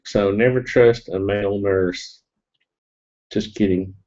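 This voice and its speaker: Middle-aged man, low voice, sniffly, rambling and joking; dull lo-fi webcam sound. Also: steady tone, slow, a little mellow. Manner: rambling and jokey, with fillers and laughs. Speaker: live-stream vlogger. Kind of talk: casual storytelling to a live audience.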